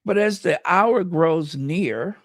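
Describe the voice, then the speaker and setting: An American channel host from the United States delivers impassioned, emphatic livestream commentary and reads viewer comments aloud. The voice is medium-pitched and slow, recorded with clean studio sound and no echo.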